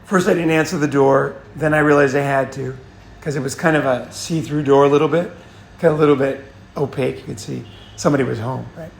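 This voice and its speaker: A man's voice: mid-range voice, steady tone, a little fast, vocal fry, roomy sound. A man hosting a casual advice monologue, blunt and profane, often restarting and repeating himself. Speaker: host.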